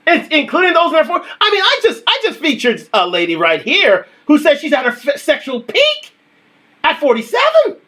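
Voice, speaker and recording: A man's voice: very high voice, huge pitch swings, normal speed, pushed and bright. A young adult man hosting a casual livestream, talking emphatically and repeating his points. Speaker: livestream host.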